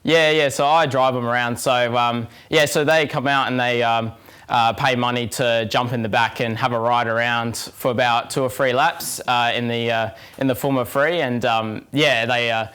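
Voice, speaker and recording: A man's voice: mid-range voice, steady tone, normal speed, fairly bright tone, clear, resonant tone. A teenage man with an Australian accent, a guest driver answering interview questions in a hesitant way with lots of fillers. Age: teens. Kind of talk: casual interview.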